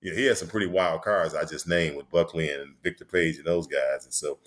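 A man in his sixties with a low, deep voice tells stories in a relaxed interview. He rambles from one memory to the next and leans on "you know" and quick restarts. His delivery is easygoing and conversational. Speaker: former basketball player and coach, guest. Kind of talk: casual storytelling interview.

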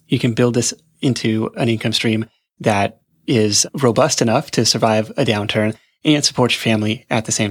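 A man hosting a podcast interview, talking in a relaxed, affirming way. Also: mid-range voice. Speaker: podcast host.

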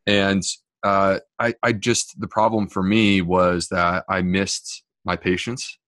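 Man, American accent, deep voice, dry sound, chatty and joking, podcast guest. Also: slow pace, dry recording. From United States. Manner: chatty, joking, animated asides. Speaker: gastroenterologist guest. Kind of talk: casual podcast interview.

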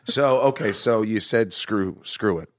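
A man hosting a podcast, telling self-mocking stories in a casual, animated way and slipping into acted voices. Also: lowish voice, unhurried, no room sound, clean studio sound. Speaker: podcast host. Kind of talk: casual storytelling chat.

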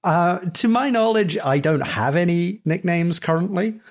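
A man's voice: high voice, a little slow. A man in his fifties, a podcast panelist telling stories in a dry, wry way. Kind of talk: casual chat.

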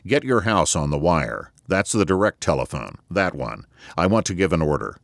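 A man's voice: low voice, very animated, moderate pace, creaky, no echo, clean studio sound, heavily acted. A man voicing a blunt, commanding financier who gives curt, matter-of-fact orders. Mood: calm, decisive.

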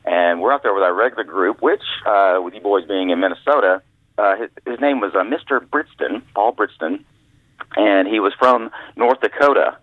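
A man's voice: fairly low pitch, normal speed, dry recording. A man telling folksy stories as the author guest in an interview, heard over a phone line. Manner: folksy storyteller, acts out quoted voices. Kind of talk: storytelling interview. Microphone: phone call. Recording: tinny phone line, dry.

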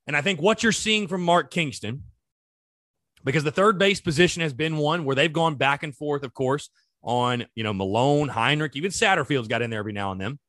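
A man's voice: a little high, fairly quick, a bit bright, no room sound. A man hosting a sports podcast, talking casually and animatedly straight to his listeners. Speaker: podcast host. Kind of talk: solo sports podcast talk.

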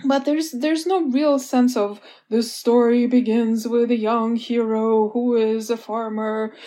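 A woman's voice: a little high, steady tone, slow, mellow. Giggly woman author, rambling and upbeat. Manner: giggly, rambling, laughs often. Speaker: author guest. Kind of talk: casual interview chat.

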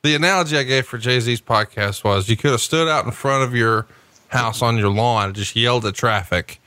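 A man's voice: mid-range voice, moderate pace, sharp tone, no room sound. A man co-hosting a podcast in casual chat, joking, teasing and swearing freely. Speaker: podcast co-host.

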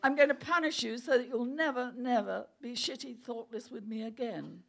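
A woman's voice: a little high, moderate pace, gravelly, a bit bright. A woman voicing a teasing, vengeful young woman in a read-aloud story.

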